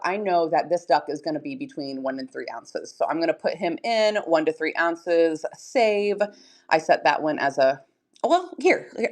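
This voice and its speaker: A young adult woman giving a chatty, fast-paced tutorial on her seller livestream, laughing often. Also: lowish voice. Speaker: online reseller hosting a seller-support livestream. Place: home room in front of shelves.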